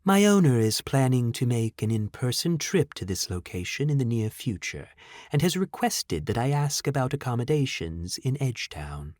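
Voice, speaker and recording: A man voicing an eerily calm humanoid robot. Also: mid-range voice, no room sound, studio quality, close to an everyday voice. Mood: eerily polite. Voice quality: smooth, impeccably humanlike, too calm and soothing. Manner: slow, courteous, formal.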